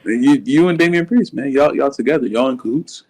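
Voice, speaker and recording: A man co-hosting a podcast in casual wrestling chat. He has a slight lisp and rambles excitedly, repeating words when worked up. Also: mid-range voice, a little fast, rough recording. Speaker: podcast co-host.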